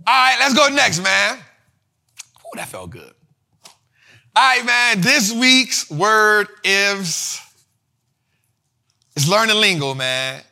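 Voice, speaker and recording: A man's voice: high voice, slow, gravelly, pauses often. A man hosting an investing show, teaching finance terms in a casual, slangy way with lots of repetition. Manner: slangy, repetitive, animated explaining.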